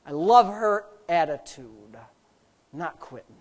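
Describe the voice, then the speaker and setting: A man delivers a sermon, his voice swinging between low, hushed asides and high, shouted emphasis. He draws out emphatic phrases, and his intonation stays lively throughout.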